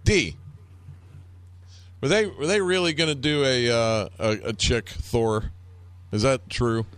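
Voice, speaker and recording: A man's voice: medium pitch, takes it slowly, a bit bright, no echo. A man hosting a talk show, bantering in a crude, sarcastic way. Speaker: radio show host. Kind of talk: casual chat.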